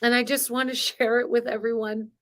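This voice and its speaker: Speaking a little fast with a flat delivery, this woman has a fairly high, fairly bright voice. She runs a spiritual coaching live stream, chatting casually and emotionally with lots of laughter, and mentions growing up on a farm.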